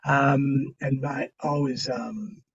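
An Australian man telling his own story as a podcast guest in a slangy, conversational way, with pauses and restarts. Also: mid-range voice, steady tone, creaky, breathy edge. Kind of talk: candid storytelling. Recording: distant, dull-sounding mic.

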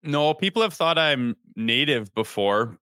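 A man's voice: mid-range voice, unhurried, clean tone, no room sound. A man co-hosting a casual sports podcast, talking loosely and swearing as he tells stories. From Canada. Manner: loose, swearing, storytelling with animated quoted voices. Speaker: podcast co-host.

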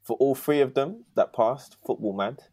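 A man, talking as a podcast guest over a laptop video call, halting with many restarts and fillers. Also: mid-range voice, mellow, no room sound, clean studio sound. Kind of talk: casual conversational interview.

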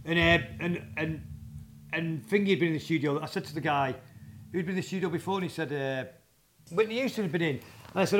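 A man, a guest drummer telling rambling, halting anecdotes in a casual interview. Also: a little high. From England.

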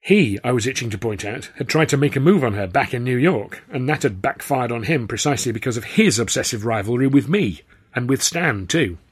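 Husky English man reading a story. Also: mid-range voice, animated. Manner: wry, measured first-person storytelling. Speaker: author narrating his own novel. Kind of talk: scripted storybook narration.

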